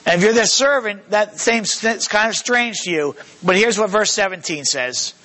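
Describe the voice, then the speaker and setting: A man preaching a sermon as pastor, talking in a halting way with many fillers and slowing down when he reads scripture. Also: high-pitched, lively intonation, bright, forceful tone.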